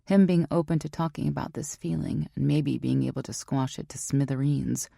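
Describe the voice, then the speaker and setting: A woman narrating a first-person romance audiobook in a measured, introspective way on a close studio mic. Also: very deep voice, fairly even intonation, gravelly, mellow, no echo.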